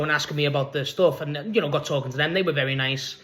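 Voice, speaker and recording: A man's voice: on the high side, fairly even intonation, fast, a bit bright. A man with a Liverpool accent telling a rambling, sweary story in a casual vlog. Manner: rambling, sweary, laughs while talking. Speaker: vlogger.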